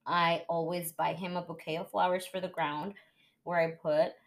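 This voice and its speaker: A woman's voice: fairly low pitch, level tone, normal speed. Young woman telling a heartfelt story. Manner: emotional storytelling, acts out quoted voices. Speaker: podcast host. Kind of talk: casual chat.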